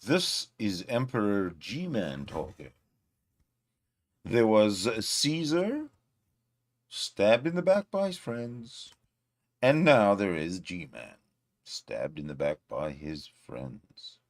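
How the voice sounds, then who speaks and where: A man doing a slow, mock-dramatic voiceover in a sweeping, mocking tone. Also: lowish voice, very animated.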